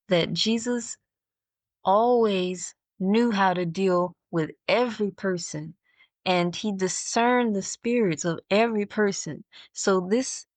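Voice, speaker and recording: A woman's voice: mid-range voice, no echo. A woman hosting her own podcast, talking through her thoughts in a reflective monologue and often stopping to search for words. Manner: thinks out loud, halting and searching for words. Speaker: podcast host.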